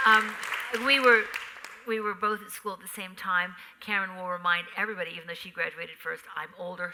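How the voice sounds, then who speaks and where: A middle-aged woman, a memoir author on a theater stage, telling animated stories in a live conversation and acting out sounds. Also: medium pitch, moderate pace, a faint crowd, slight background noise, rough recording. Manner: animated storyteller who acts out sounds.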